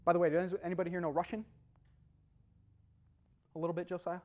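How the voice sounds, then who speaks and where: Lively young man giving a seminar talk. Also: high-pitched, quick pace. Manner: animated, laughing, quizzing the audience. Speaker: motivational speaker. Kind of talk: live seminar talk to an audience.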